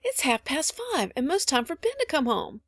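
A woman voicing a lively, warm-hearted eldest girl who talks in quick exclamations in a storybook reading. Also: sits high, no echo, clean studio sound, pitched above the performer's own voice. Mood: bustling.

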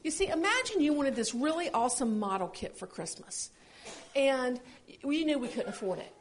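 A woman co-hosting a casual chat about parenting, telling stories in an earnest, expressive way. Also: sits high, moderate pace, slight background noise. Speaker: podcast co-host.

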